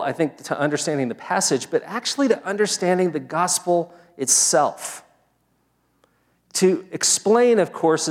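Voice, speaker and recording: A man preaching a sermon, opening with a prayer, talking in a measured, earnest way that builds each point in short phrases. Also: fairly high pitch. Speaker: pastor. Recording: long reverb of a large hall.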